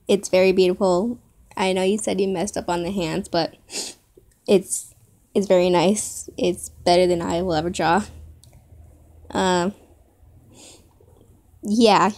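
A woman vlogger speaks slowly, her voice wavering with tears as she giggles and stumbles through thanks to her viewers. Her pitch sits in an ordinary middle range. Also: darkish tone. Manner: tearful, giggly, halting. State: crying. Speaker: youtuber. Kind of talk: reaction video chat.

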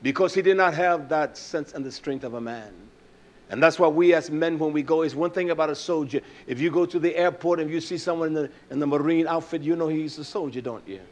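A man preaching a sermon in a fiery, scolding style that drops to a quiet, storytelling voice. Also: fairly high pitch, a little fast.

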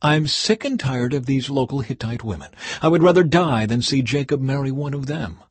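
An anxious mother urges her son to flee in earnest, hurried words, read by a man in his own voice. The voice is husky and the sound close and dry. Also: mid-range voice, no echo, voice pushed up, natural voice. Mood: urgent. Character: anxious scheming mother, middle-aged woman.

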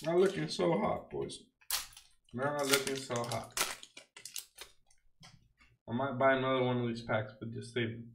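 Slow-talking slangy young man. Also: medium pitch, creaky, echoey room, a little hiss or hum, rough recording. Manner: slangy, wisecracking, mock-outraged. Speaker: card unboxing streamer. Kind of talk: casual unboxing chat.

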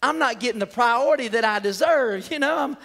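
A man preaching a lively, comedic sermon, hollering and laughing as he goes. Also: very high-pitched, a little fast, vocal fry. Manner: hollering, animated, laughing often. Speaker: pastor. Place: church sanctuary. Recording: long hall reverb.

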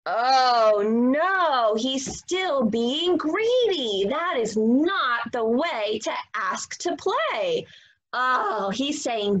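A woman teacher reading a story aloud to young children, animated and expressive. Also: on the high side, slow pace, low-quality recording. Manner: animated, expressive, gasping for effect.

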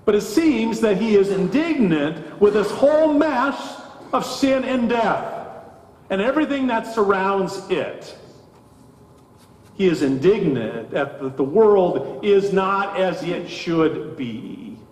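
A man preaching a sermon as pastor, slow and deliberate, with emphatic rises in his delivery. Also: high-pitched, animated, darkish tone. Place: church sanctuary. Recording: echoey church hall.

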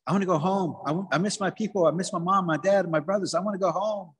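A man's voice: high voice, fast, husky, in a large hall. A man voicing a homesick young man who pleads to go home in a plaintive way.

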